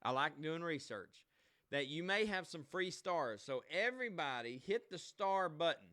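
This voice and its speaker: Man, livestream host, folksy casual chat, slightly high voice, crisp. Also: lively intonation, normal speed, pushed and bright. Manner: chatty, folksy, talks straight to viewers. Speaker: host of a live online show.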